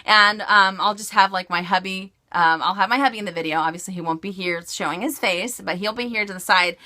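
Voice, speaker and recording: A chatty woman from California hosts a relaxed question-and-answer vlog. Her voice is bright and crisp, and she talks at a middling pitch with lots of giggles. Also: a little fast. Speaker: beauty and fashion vlogger. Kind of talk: casual Q&A vlog.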